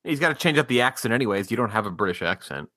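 A man's voice: mid-range voice, animated, bright, forceful tone, no room sound. A man hosting a casual movie podcast, chatting and wrapping up the episode with plans for next week. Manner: quick, wraps up with show plans. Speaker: podcast host.

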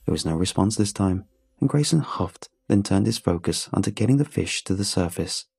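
Male narrator, measured delivery, dark and husky low voice. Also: animated. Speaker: storyteller. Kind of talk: first-person story narration.

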